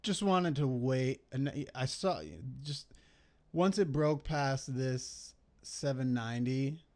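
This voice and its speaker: Young guy, mid-pitched, slow-talking, casual trade recap with lots of swearing and self-criticism. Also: darkish tone. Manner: rambling, profane, self-critical, thinking aloud. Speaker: day trader reviewing his trades.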